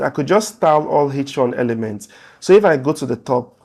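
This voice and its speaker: In a screen-share coding tutorial, a man with a mid-range voice teaches web development fairly quickly, relaxed and thinking aloud as he types code on screen.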